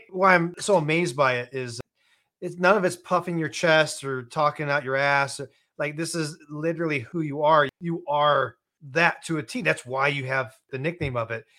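A male interview host reacts loosely and profanely to his guest's stories. His voice is bright and forward, pitched a touch high. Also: unhurried. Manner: reactive, swears freely. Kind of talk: casual interview chat.

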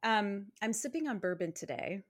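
A woman's voice: mid-range voice, animated, moderate pace. A woman co-hosting a true-crime podcast in casual chat, laughing easily as she talks. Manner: laughs easily, chatty and loose. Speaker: podcast co-host.

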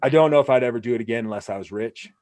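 A man's voice: medium pitch, racing, a little mellow, dry recording. Dry-sounding man telling rambling stories. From Wyoming, US. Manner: rambling anecdotal storytelling with many restarts. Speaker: podcast host. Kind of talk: casual conversational interview.

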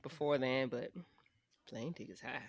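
A woman's voice: very deep voice, a little slow, creaky, breathy edge, no echo. A woman, co-hosting a podcast in frank, profane casual chat. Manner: frank, profane, laughing often. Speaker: podcast co-host.

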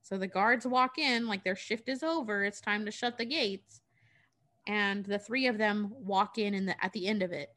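A woman chats her way through a story recap, loose and profane. Her voice is bright and crisp. She pads her sentences with casual fillers. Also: mid-range voice, normal speed. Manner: chatty, profane, filler-heavy.

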